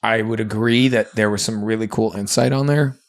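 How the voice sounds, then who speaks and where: A man's voice: on the low side, steady tone, a little fast, dry recording. A man co-hosting a podcast, talking in an earnest, reflective and chatty way with lots of fillers. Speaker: podcast co-host. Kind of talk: candid podcast conversation.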